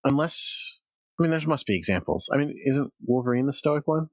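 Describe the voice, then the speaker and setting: A man's voice: mid-range voice, lively intonation, fairly quick, dry recording. A man co-hosting a podcast, chatting casually, laughing often and restarting his sentences. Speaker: podcast co-host. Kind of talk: casual chat.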